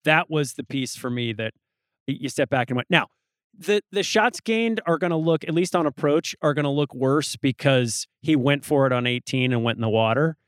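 A man's voice: mid-range voice, moderate pace, smooth, no room sound, studio quality. A man co-hosting a podcast, talking golf bluntly, swearing freely and asking pointed questions. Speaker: podcast co-host. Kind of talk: casual golf chat.

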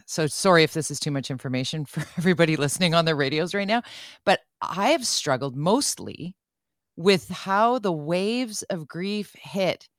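A woman radio host with a lowish voice talks candidly into a studio mic, laughing at herself as she goes. The sound is close and dry, with no room around it. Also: animated, moderate pace, dry recording. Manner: candid, self-deprecating, laughs often. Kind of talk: radio interview.

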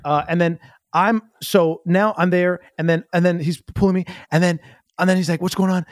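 A man telling a long, earnest story, rambling and halting with many restarts. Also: sits high, fairly even intonation, no echo, clean studio sound. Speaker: guest. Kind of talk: improv comedy storytelling.

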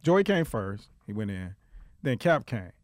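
A man's voice: a little slow, dry recording, studio quality. A man telling a story in casual podcast chat, acting out quotes with a rising voice, laughing and swearing freely. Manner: animated storytelling, acts out quotes in a high voice. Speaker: guest storyteller.

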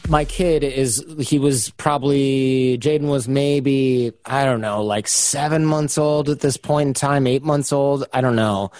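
A man's voice: mid-range voice, steady tone, unhurried, few pauses, darkish tone, no room sound, soft background music. A man in his thirties, a podcast guest, telling a casual story and acting out the quotes.

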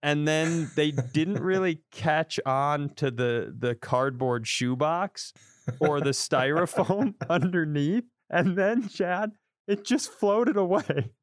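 A man's voice: a little high, lively intonation, slow pace, no echo, studio quality. A man co-hosting a comedy podcast, swearing freely and laughing through his own stories in casual chat. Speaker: podcast co-host.

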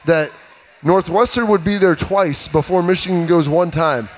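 High-voiced man, animated sports talk. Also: normal speed. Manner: animated, emphatic storyteller. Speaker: former player and panelist. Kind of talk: casual sports chat.

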